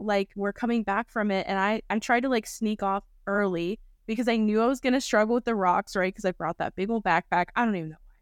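Female podcast host; clear, smooth voice, dry sound; candid storyteller. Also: fairly high pitch, no echo. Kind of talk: casual podcast chat.

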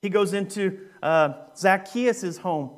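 High-voiced young man preaching casually. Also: slow pace. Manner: conversational, joking, with frequent fillers. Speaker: youth minister. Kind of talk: sermon with a humorous story.

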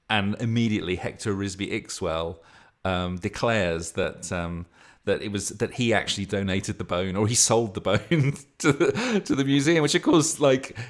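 A man hosting his own podcast, talking casually and at length as a game master, rambling and poking fun at himself. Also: on the low side. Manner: rambling, self-deprecating, chuckling. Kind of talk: casual solo podcast talk.

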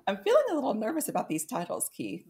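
A woman co-hosting a casual podcast, giggly and lively, often breaking into laughter. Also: medium pitch, fast. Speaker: podcast co-host.

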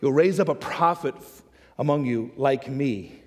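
A man preaching a sermon, acting out the questions and answers of the story with lively energy. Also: medium pitch, a little slow. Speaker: pastor. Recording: long hall reverb.

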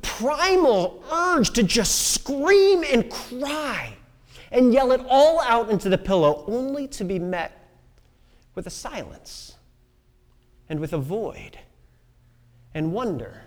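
A woman preacher gives a personal testimony with a lively, swooping pitch and sudden drops to near-whispers. Her voice rings out with a long reverb, as if recorded in a large hall. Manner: expressive storytelling with pauses and sudden soft drops.

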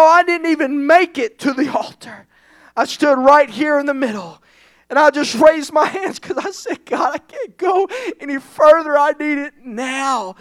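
Fervent high-voiced preacher man. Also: no room sound, clean studio sound. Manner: fervent, rising to shouts and tearful pleading. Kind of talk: impassioned sermon. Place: church sanctuary.

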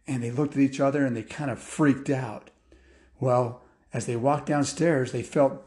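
A man's voice: mid-range voice, fairly even intonation, normal speed, warm tone. A man telling an improvised bedtime story, rambling with asides and fillers.

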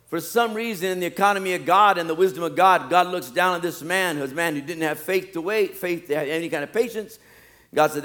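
A man preaching a sermon, acting out scripture scenes and then dropping to quiet, wry asides. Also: a little fast. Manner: dramatic, swings from loud acted-out pleading to low asides.

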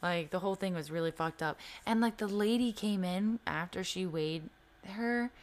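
A young woman co-hosting a podcast tells a personal story in casual chat, her lowish voice moving at a moderate pace. She's candid, swears freely, and fills her speech with "like."

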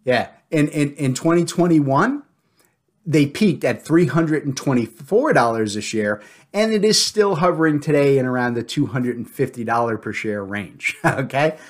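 A middle-aged man hosting a podcast in casual chat, loud and joking with his co-host. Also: mid-range voice, animated, moderate pace.

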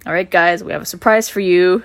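A woman's voice: on the low side, fairly quick, creaky. Chatty young woman telling stories. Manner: animated storyteller, acts out quotes with gasps and laughs. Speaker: podcast co-host. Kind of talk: casual chat.

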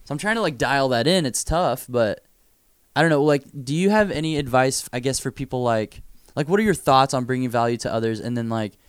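Smooth-voiced, easygoing interviewer. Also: male voice, mid-range voice, brisk, no room sound, studio quality. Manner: easygoing, joking, eager to agree. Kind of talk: casual chat.

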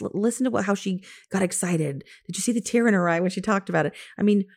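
A woman in her fifties, an interior designer and coach, telling stories from her career in an animated way, laughing often and acting out what she said to others. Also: mid-range voice, quick pace. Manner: animated, laughs often, quotes herself in lively asides. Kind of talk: casual storytelling.

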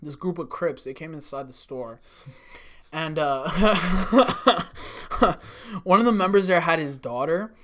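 A man's voice: a little high, slow, a bit bright. Young man telling wild stories, profane. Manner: rambling, profane, lots of "like". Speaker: storyteller, former restaurant worker. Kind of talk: casual podcast chat.

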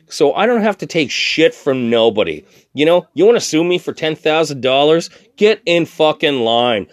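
A man's voice: mid-range voice, dry recording. Drunk man in a profane heated rant. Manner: heated, swearing, stammering restarts. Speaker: thrift shop worker.

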